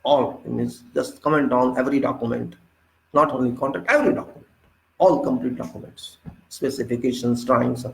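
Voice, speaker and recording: A man with an Indian accent giving an unscripted engineering lecture, forceful and indignant, pressing his points with sharp rhetorical questions. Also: medium pitch, brisk, creaky, roomy sound, rough recording. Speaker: civil engineering instructor.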